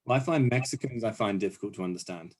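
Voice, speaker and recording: A man's voice: fairly low pitch, fast talker. Guy hosting a chill podcast, chatty, tells stories and laughs at himself. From England. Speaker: podcast host. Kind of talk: casual podcast chat.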